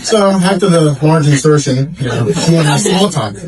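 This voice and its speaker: A man's voice: fairly high pitch, expressive, moderate pace, a loud crowd. A man doing a stand-up comedy set on a club stage, telling stories in a laid-back, rambling way with lots of fillers. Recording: distant mic, loud audience laughter. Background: audience laughing.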